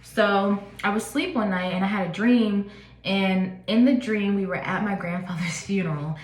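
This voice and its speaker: A woman's voice: mid-range voice, moderate pace. A woman in her twenties telling a personal story in a casual, chatty vlog, with lots of "like" and fillers. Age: 20s. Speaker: vlogger. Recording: echoey room.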